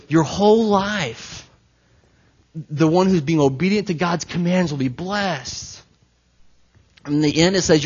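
A man preaching a sermon to his church, animated and playful, swinging between soft asides and loud bursts. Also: a little high, husky, dull audio. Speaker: pastor.

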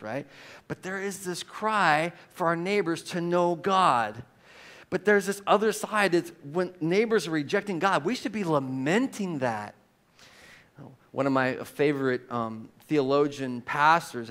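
A man preaching a sermon as pastor, reading scripture aloud with strong emphasis and an animated delivery. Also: medium pitch.

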